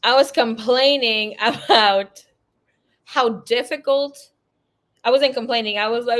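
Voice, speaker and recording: A woman's voice: a little high, unhurried, fairly bright tone. A woman in her thirties, a psychic tarot reader, chatting casually and telling a story with laughs, swearing and acted-out quotes.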